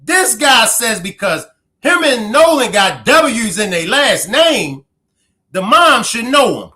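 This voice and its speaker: A man's voice: extremely high pitch, sing-song, slow pace, bright, forceful tone. A man streaming live, reacting to a clip, who keeps laughing, exclaiming and breaking off mid-sentence.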